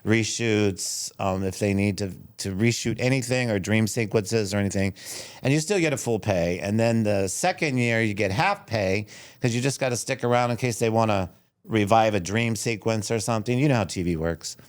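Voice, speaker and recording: A middle-aged man from the United States, a chef and restaurant owner, telling animated stories in a casual interview and laughing often. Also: lowish voice, moderate pace. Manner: animated storyteller, laughs often, acts out quoted voices.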